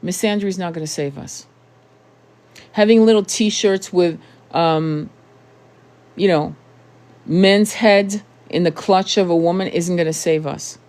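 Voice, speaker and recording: A woman's voice: fairly low pitch, a little slow, pauses often, darkish tone. A woman in her thirties giving an impassioned monologue to camera, blunt and emphatic, with frequent swearing and rhetorical questions. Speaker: tarot channel host.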